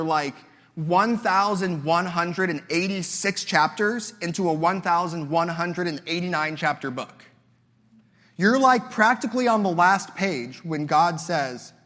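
A young man delivers a sermon in a chatty, animated way, slipping into little impressions of other people and stumbling over repeated words. His voice sits a bit high for a man. The sound carries the long reverb of a large hall. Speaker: guest preacher.

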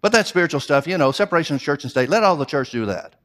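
A man's voice: on the high side, animated, very fast, fairly bright tone. Man preaching an earnest sermon. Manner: earnest preaching with rising emphasis; repeats himself, restarts phrases. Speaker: pastor.

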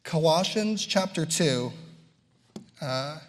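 A man's voice: a little high, lively intonation, slow, a little hiss or hum. A man preaching a sermon, emphatic and building his points through repetition, with casual asides to the congregation. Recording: long hall reverb.

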